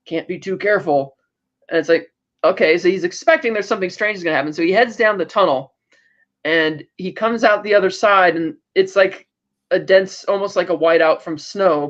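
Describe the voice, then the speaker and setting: High-voiced man recapping a TV episode. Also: muffled recording. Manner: animated storytelling, acting out quoted lines. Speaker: podcast co-host.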